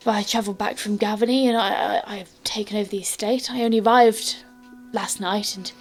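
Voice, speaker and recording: A woman's voice: mid-range voice, fairly even intonation, fairly quick, faint music behind, natural voice. A woman voicing a young nobleman heir who speaks politely and hesitantly, with frequent stammers.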